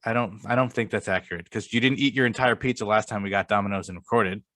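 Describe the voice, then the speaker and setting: A young man with a somewhat low voice talks in a casual podcast conversation. He is blunt and argumentative and swears freely. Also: quick pace, a bit bright. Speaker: podcast co-host. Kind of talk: casual chat.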